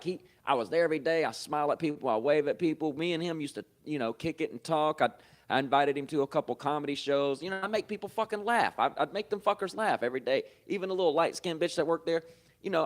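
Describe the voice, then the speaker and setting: Male podcast host, casual cussing storyteller, animated bursts and laughter. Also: a little high. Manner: loose, swearing, laughs often, animated bursts. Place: comedy club.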